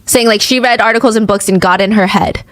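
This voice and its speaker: A woman's voice: medium pitch, fairly even intonation, fast, no echo, low-quality recording. A woman hosting a true crime show, retelling the case in a chatty, casual way and acting out quoted lines.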